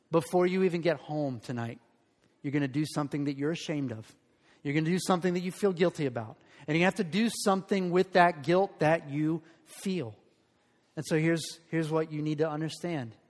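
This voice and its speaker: A man with a slightly high voice preaches at a moderate pace as pastor in a church sanctuary, the recording carrying hall reverb. Earnest and emphatic, he leads the congregation in call-and-response declarations.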